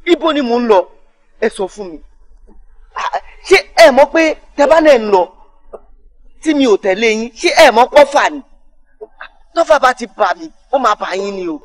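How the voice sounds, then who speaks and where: A man's voice: very high-pitched, very animated, quick pace, exaggerated voice. A reproachful young man speaking in proverbs. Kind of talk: Nollywood film acting.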